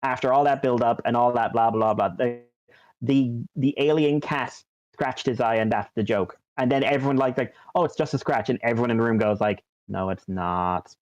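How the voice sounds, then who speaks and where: Brisk and a little mellow, a mid-range male voice drifts through casual podcast chat as a co-host, leaning on ums and likes and starting over often. The sound is dry, dull and lo-fi.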